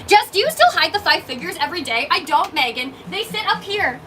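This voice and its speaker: A woman's voice: very high voice, expressive, brisk, a bit bright, a little hiss or hum. A woman who owns a coffee shop, chatting on a livestream and reading out viewer comments in a bubbly, gushing, emotional way. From Canada. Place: small coffee shop, indoors.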